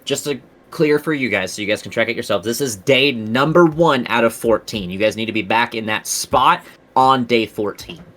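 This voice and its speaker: A man's voice: medium pitch, normal speed, hardly any pauses, fairly bright tone. A man running a tabletop game as game master, casually narrating and correcting himself. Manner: casual, laughing, self-correcting.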